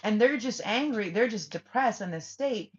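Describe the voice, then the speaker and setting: A woman's voice: a little high, expressive, moderate pace. A woman giving a casual spiritual reading to her viewers, blunt and swearing freely as she acts out what people say. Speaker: tarot reader. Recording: lo-fi muffled audio.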